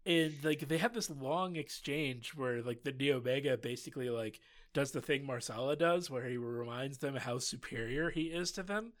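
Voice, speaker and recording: A man's voice: medium pitch, moderate pace. A man recapping a show episode in casual chat, rambling with lots of fillers and laughs. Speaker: podcast co-host recapping a show.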